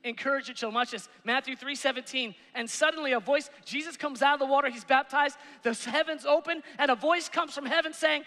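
A male pastor preaching a sermon, animated, swinging between shouts and hushed asides on a church stage. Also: very high voice, a little fast, hardly any pauses, a faint crowd. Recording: reverberant church hall.

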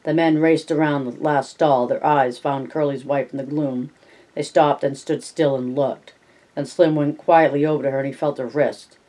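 A host reading a novel chapter aloud in a plain, steady way, then closing the video. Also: mid-range voice, normal speed, low-quality recording. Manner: plain reading with small slips and restarts. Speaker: reader and homework-help host.

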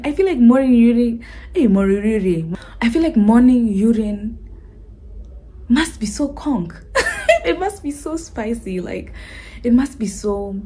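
A Kenyan woman vlogging casually, giggling often and reacting with animated chatter. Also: on the high side. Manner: giggly, animated, mixing in Swahili.

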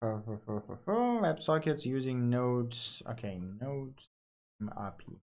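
A man's voice: mid-range voice, sing-song, drawn-out words, a little mellow. Man coding while thinking aloud. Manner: thinks aloud with frequent fillers and self-corrections. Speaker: programmer coding on screen.

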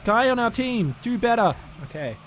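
A man playing a car soccer game as a guest, chatting casually, excitable, swearing and yelling at the plays. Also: very high voice, moderate pace, slight background noise. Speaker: guest co-player. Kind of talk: casual gameplay chat.

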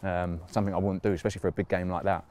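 A man's voice: deep voice, little pitch movement, very fast, a little mellow. A man, a footballer reminiscing in a casual interview, rambling with lots of fillers and laughs. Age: 30s.

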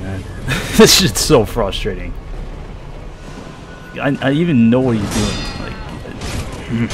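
A man's voice: lowish voice, unhurried. A man giving gameplay commentary, swearing often and muttering in exasperation. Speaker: gamer. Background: game music.

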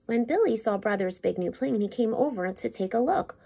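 Expressive woman reading a picture book. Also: fairly high pitch, fairly quick, gravelly. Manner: warm, expressive, teacherly. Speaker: school principal.

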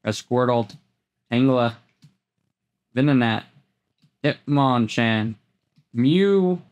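Man, middle pitch, casual unboxing commentary, chatty, repeats words, excited jumps. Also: slow, dull audio. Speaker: host opening trading card packs.

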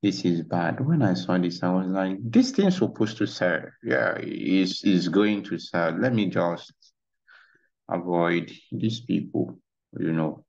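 Low gravelly guy explaining charts, slow, keeps saying you know, kinda muffled mic. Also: a little mellow. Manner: rambling, conversational, repeats "you know". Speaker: trading instructor. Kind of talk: casual screen-share tutorial. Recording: dull lo-fi mic.

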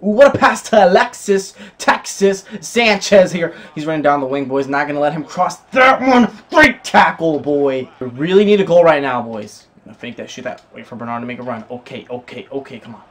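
A young man with a fairly high voice calls his own football video game match for his viewers. He talks to them as boys, runs a steady play-by-play and breaks into excited shouts whenever a chance or a goal comes. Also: normal speed, hardly any pauses. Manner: excitable, bursts into shouts at big plays. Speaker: gaming YouTuber.

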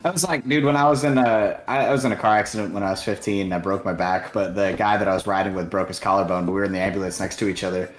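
Lowish laid-back man in echoey room. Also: steady tone, very fast, hardly any pauses. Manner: laid-back, rambling anecdotes. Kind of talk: casual chat. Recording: echoey room with faint music.

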